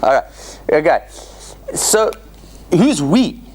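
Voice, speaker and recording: This man's voice sits a little high and carries a breathy edge as he talks slowly through a Torah study class. It's an informal Bible study lecture held in a church centre meeting room, where he animatedly acts out quotes in dramatic voices, restarts many times, and asks the audience questions.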